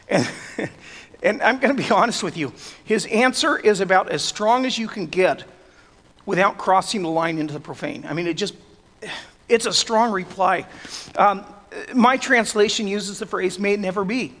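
A man preaching a sermon as pastor, earnest, building to loud emphatic peaks. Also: sits high. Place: church sanctuary. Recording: long reverb of a church hall.

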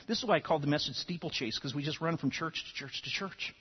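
A man's voice: a little high, brisk, hardly any pauses, breathy edge, big-room sound, highs cut off. A man preaching a sermon, telling stories and often repeating words as he starts sentences. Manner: animated storytelling, repeats words when starting. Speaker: pastor.

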